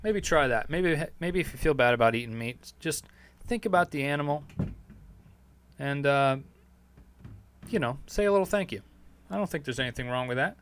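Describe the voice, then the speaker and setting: A man's voice: fairly high pitch, expressive, moderate pace, long pauses, fairly bright tone, slight background noise. A man hosting a podcast, answering listener questions in a loose monologue that is profane and full of fillers. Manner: rambling, profane, heavy on fillers. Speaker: podcast host.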